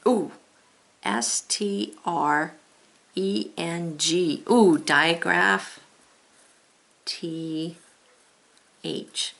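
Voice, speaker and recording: A woman teacher leading a spelling lesson, sounding out letters and words step by step and gently talking the viewer through each task. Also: lowish voice, extremely slow, creaky.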